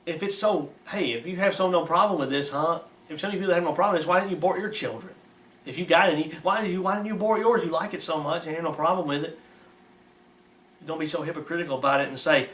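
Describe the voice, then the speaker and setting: A man's voice: on the high side, quick pace, a bit bright. A man reading aloud and delivering blunt, mocking moral commentary in folksy, plain-spoken grammar. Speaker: preacher. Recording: roomy, distant mic with faint hiss.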